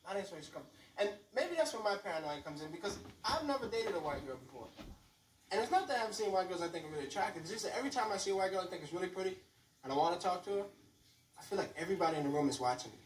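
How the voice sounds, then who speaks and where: A man's voice: sits high, rapid-fire. A man performing a stand-up comedy set on a club stage, telling stories animatedly and slipping into voices. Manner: animated, storytelling, lots of voices. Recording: roomy club sound from far off, faint room noise.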